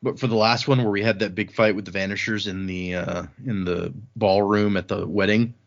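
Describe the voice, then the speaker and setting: A man casually recapping a book chapter on a podcast, rambling and animated as he retells the action. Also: fairly low pitch, brisk. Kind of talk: casual chat. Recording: slightly dull lo-fi sound.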